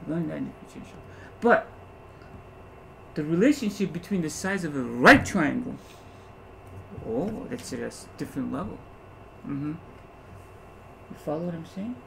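A man teaching algebra to a class, animated, constantly asking rhetorical questions to check that students follow. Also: fairly high pitch, moderate pace, vocal fry, pauses often, a little hiss or hum, poor audio. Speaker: math teacher. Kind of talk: classroom lecture.

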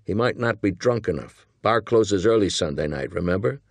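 A man's voice: on the low side, lively intonation, no echo. A man voicing a nervous young male hitman partner who talks earnestly and pleads, in an audiobook reading. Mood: nervous pleading. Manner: earnest, pleading, talking fast.

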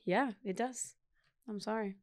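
A woman's voice: medium pitch, measured pace. A woman co-hosting a casual studio chat, playful and laughing often as she teasingly insists on her point. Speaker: podcast co-host.

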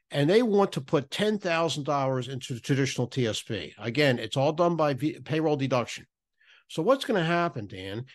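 A man on a podcast explaining retirement tax rules, often restarting and repeating words as he goes. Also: medium pitch. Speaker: podcast guest, federal benefits writer.

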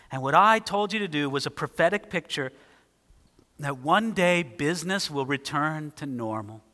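A man preaching a sermon, reading scripture aloud and speaking it with lively emphasis. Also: high-pitched, in a large hall. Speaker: pastor.

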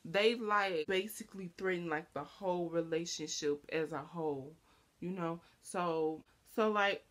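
A young woman chatting casually to camera as a vlogger. She rambles with lots of fillers and acts out quoted lines in a higher voice. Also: unhurried.

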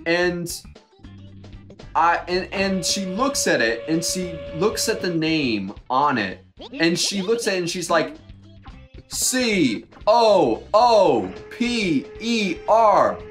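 A young man co-hosting a podcast, telling a work story in a casual, animated and exasperated way. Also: fairly high pitch, slow pace, faint music behind. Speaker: podcast co-host.

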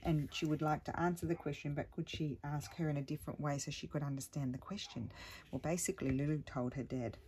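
A middle-aged woman chatting at home as a crafting vlogger, telling a rambling story with many restarts and sometimes dropping to a hushed voice. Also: deep voice, steady tone, fairly quick, a little hiss or hum. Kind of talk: casual chat while crafting.

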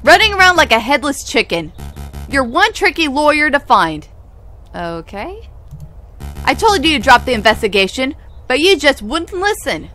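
A woman's voice: high voice, big pitch swings, normal speed, bright, forceful tone, soft background music, heavily acted. A woman voicing a cold, taunting male attacker in a game. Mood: menacing.

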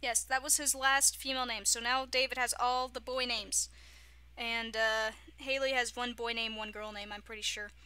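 A woman's voice: on the high side, flat delivery, moderate pace, bright, forceful tone, clear, resonant tone, no echo. A young woman giving casual, giggly commentary on her own video game playthrough, often chanting silly catchphrases. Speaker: gaming YouTuber. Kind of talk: casual let's-play commentary.

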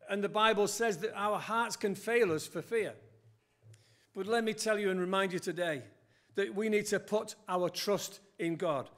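An older man delivers an earnest sermon in a church, his voice sitting notably high. He quotes scripture and lifts his emphasis as he goes. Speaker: preacher.

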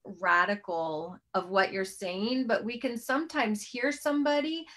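Hosting an interview about faith, this middle-aged woman speaks at a measured pace in an everyday mid-range pitch that's a bit bright. She's earnest but wanders, often starting sentences over and filling gaps with filler words.

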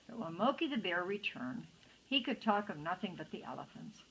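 A woman's voice: lowish voice, sing-song, moderate pace, fairly bright tone, husky, low-quality recording. An older woman reading a picture book aloud to children, adding chatty asides to the listeners. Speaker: storytime reader.

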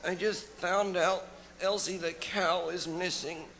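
Brief: ventriloquist man as a cranky, randy old dummy, nasally high and grumbling. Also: fairly even intonation, slow pace, a bit bright, long reverb tail, slight background noise, exaggerated voice, rough recording. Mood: gloomy. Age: 91 as played. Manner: droning, grumbling, sleepy. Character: grumpy, lecherous 91-year-old male ventriloquist dummy.

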